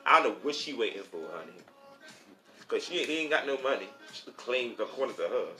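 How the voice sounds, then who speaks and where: A man's voice: medium pitch, animated, a little fast, sharp tone. A man telling stories in a casual, sassy, profane way, calling the listener honey and child as he goes. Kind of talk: casual storytelling. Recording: roomy echo with faint music.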